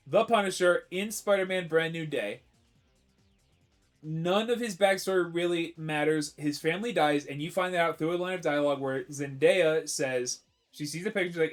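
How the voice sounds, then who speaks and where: A man with a slightly higher-than-usual voice talks casually on a live stream. He rambles, restarts his sentences and argues his opinions firmly, with faint music playing behind him. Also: moderate pace. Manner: rambling, self-correcting, opinionated.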